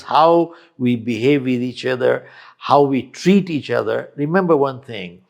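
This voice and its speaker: A man's voice: mid-range voice, creaky, a little mellow. An older man, a podcast guest, giving motivational advice with emphatic stories and repeated key lines. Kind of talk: storytelling advice in conversation.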